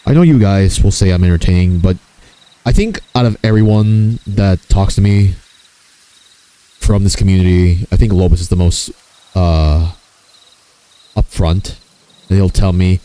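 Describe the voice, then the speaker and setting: A man's voice: sits low, normal speed, long pauses, dark tone, clean tone. A man chatting casually on his gaming stream, joking crudely and swearing freely. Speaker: VTuber streamer.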